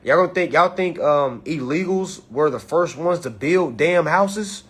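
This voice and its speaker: A man speaks in with a somewhat high, husky voice. He lectures his viewers in a casual monologue. He keeps checking in with "all right?" after nearly every point. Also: expressive, a little slow, fairly bright tone. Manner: preachy, repeats "all right?" often. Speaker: commentator.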